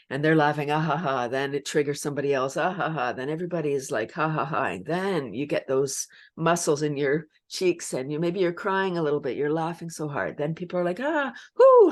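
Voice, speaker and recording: Low-voiced, lively woman chatting. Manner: animated, laughs often, acts out laughter sounds. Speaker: laughter yoga leader and guest. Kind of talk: casual interview chat.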